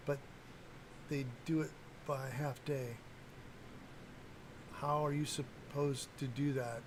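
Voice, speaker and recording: A man's voice: mid-range voice, unhurried, pauses often, slight background noise, low-quality recording. An older man talking casually on a livestream, blunt and rambling, with lots of fillers and restarts. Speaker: livestream host, cosplay prop maker.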